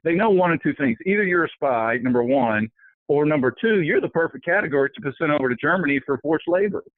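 A man talks through his answers in a tinny, phone-like sound with a close, dry feel. He fills pauses with ums and you-knows and restarts his sentences as he explains. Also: a little high, expressive, no room sound. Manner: talkative, many fillers and restarts. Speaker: author guest. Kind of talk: interview answers.

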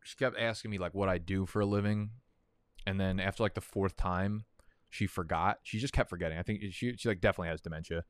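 A man's voice: low voice, fairly even intonation, fast talker, smooth, no echo. A young man casually chatting and rambling, profane and prone to tangents, while hosting a fantasy football draft stream. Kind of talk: casual livestream chat.

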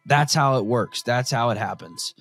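A man hosting a podcast in casual conversation, with a mid-pitched voice. He is blunt and opinionated, and the sound is dry and close. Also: normal speed, a bit bright, husky, no echo, soft background music. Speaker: podcast host.

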